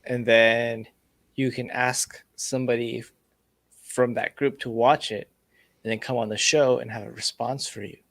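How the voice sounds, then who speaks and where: A man's voice: medium pitch, little pitch movement, normal speed, a bit bright, dry recording, low-quality recording. A man co-hosting a casual podcast over a call, laid-back with dry short replies, his voice sounding robotic from a bad connection. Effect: robotic-sounding connection glitch. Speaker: podcast co-host. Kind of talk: casual chat.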